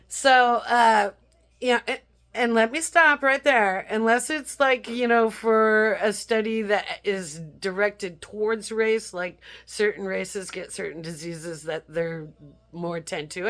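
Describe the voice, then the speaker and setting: A woman's voice: mid-range voice, a little slow, fairly bright tone. A woman telling an angry story about phone calls, quoting what others said in an indignant, outraged way. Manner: indignant, recounting phone calls with quoted voices. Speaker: vlogger.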